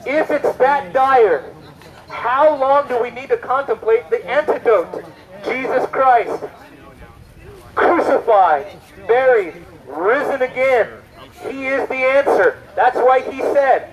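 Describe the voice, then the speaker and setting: A man's voice: very high voice, a little slow, rough recording. A man preaching an evangelistic sermon, stressing his points and asking the listeners one rhetorical question after another. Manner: emphatic, full of rhetorical questions.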